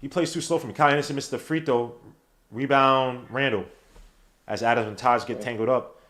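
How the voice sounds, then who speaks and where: A man does play-by-play for a basketball game on his live watch-along podcast, his medium-pitched voice brisk. The talk is slangy and excitable, turning into shouts at the big moments.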